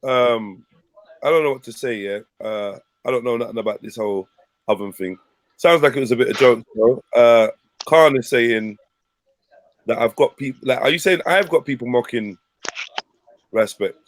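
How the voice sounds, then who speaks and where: A young man with a South London accent hosting a casual livestream panel over a headset, bantering loudly and swearing freely. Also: medium pitch, normal speed, long pauses. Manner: loud, animated banter, swearing.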